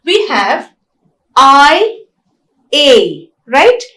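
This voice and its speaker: A woman giving a recorded phonetics lecture, slow and deliberate, often checking in with "right?". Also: sits high, big pitch swings, a bit bright. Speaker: English lecturer.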